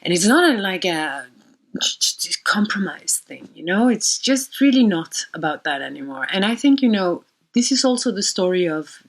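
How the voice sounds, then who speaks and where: A woman's voice: medium pitch, big pitch swings, moderate pace, poor audio. A woman astrologer retelling a myth and reflecting on it in a rambling, personal way, sometimes dropping to a near whisper. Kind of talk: storytelling talk on myth and astrology.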